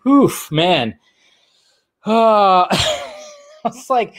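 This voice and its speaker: Male streamer host, casual, loose and chatty, slightly higher voice. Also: drawn-out words, long pauses, no room sound, clean studio sound. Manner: laughing, rambling, animated. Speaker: livestream host. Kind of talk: casual livestream chat.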